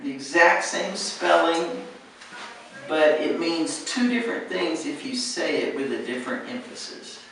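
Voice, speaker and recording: A woman's voice: low-pitched, lively intonation, measured pace, very echoey, far from the mic, a little hiss or hum, rough recording. An American woman teaching pronunciation, patiently modeling words and repeating them for her students. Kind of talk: pronunciation coaching.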